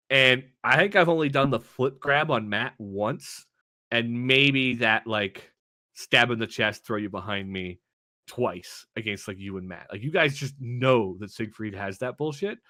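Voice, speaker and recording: A man co-hosting a gaming podcast, telling relaxed stories and slipping into mock-formal asides. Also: mid-range voice, no echo, studio quality. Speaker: podcast co-host. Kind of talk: casual chat.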